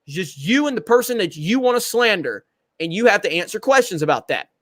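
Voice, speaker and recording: Male host, casual livestream chat, blunt, confrontational, high voice, dry sound. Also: sing-song, fairly quick, fairly bright tone, no room sound. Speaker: show host.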